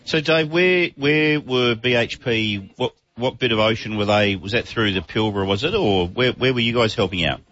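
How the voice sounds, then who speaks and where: A man hosting a casual radio chat, easygoing and quick to laugh. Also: medium pitch, a bit bright. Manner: chatty, laughs easily. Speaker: radio host. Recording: muffled radio broadcast audio.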